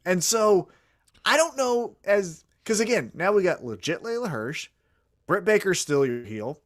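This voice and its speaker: Brief: male co-host, casual chat, animated delivery with a bright, higher pitch, dry sound. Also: unhurried, dry recording. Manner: lively, acts out quotes while booking storylines. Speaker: podcast co-host.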